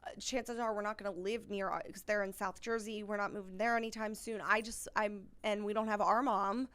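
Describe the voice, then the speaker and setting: A woman's voice: medium pitch, fairly even intonation, fairly quick, a bit bright, clear, resonant tone. A young adult woman hosting a podcast in casual chat, effusive and enthusiastic, often laughing. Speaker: podcast host.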